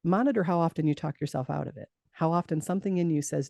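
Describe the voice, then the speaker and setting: A woman's voice: deep voice, fast, vocal fry, dark tone, no echo, clean studio sound. A middle-aged woman, a guest in an interview, telling a personal story in earnest conversation and acting out the dialogue she recalls. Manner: earnest, acts out quoted dialogue.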